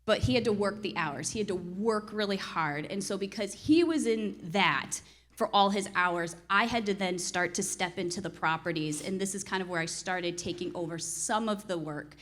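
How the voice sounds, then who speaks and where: A woman in her thirties, a real estate investor, telling an animated story with laughter and acted-out quotes. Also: medium pitch, moderate pace. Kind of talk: storytelling on a panel.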